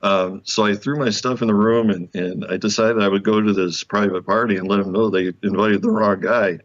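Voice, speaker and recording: A man with a very low voice tells a personal story as an interview guest. He is animated, acts out what people said, and laughs often. The sound is muffled and lo-fi. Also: moderate pace. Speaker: guest author.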